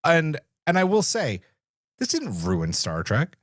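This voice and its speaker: A man hosting a podcast, chatting casually in an animated, jokey way. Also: a little high, slow pace, no room sound, studio quality. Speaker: podcast host. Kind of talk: casual chat.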